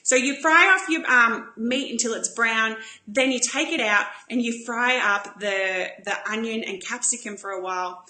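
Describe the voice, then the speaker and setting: An enthusiastic woman chats her way through a live cooking demonstration. Her voice sits a little high and sounds bright and forceful. It rings with echo from the kitchen. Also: moderate pace, hardly any pauses. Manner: bubbly, enthusiastic, chatty. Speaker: cooking show host.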